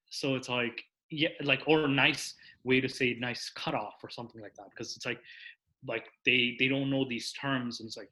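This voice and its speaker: A man in casual podcast chat, rambling with lots of fillers and restarts, voice a bit husky. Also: medium pitch, moderate pace, sharp tone.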